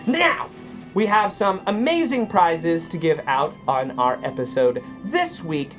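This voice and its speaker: A man's voice: on the high side, very animated, measured pace, a bit bright, soft background music. A man who is under the weather and stands in as host and game master of a live tabletop stream, rambling and joking at his own expense. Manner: self-deprecating, rambling, joking. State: sick with a cold.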